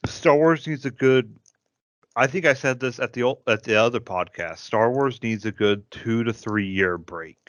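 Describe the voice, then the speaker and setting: A man's voice: mid-range voice, normal speed, fairly bright tone, dry recording. A man with a Midwestern American accent, co-hosting a podcast and telling long rambling fan stories. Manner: enthusiastic fan, rambling storyteller. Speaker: podcast co-host. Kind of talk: casual chat. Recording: dry, dull lo-fi podcast audio.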